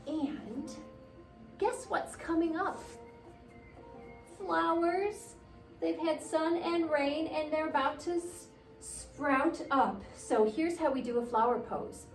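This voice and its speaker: A woman guiding children through a yoga class, gently encouraging and playful, sometimes making animal noises. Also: on the high side, recorded from a distance. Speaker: kids' yoga teacher. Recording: roomy sound from away from the mic with soft music.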